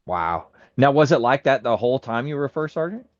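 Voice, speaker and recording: A man's voice: mid-range voice, big pitch swings, fairly quick, dry recording. Easygoing male interviewer, dull dry audio. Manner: easygoing, reacts with short affirmations. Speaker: interviewer host. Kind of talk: interview questions.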